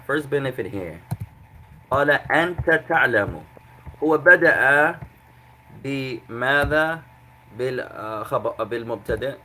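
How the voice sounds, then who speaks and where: Male Arabic teacher, bright clear tone, patient, repeats translations, faint background hiss. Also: mid-range voice, rough recording. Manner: breaks grammar into small steps. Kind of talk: classroom lesson.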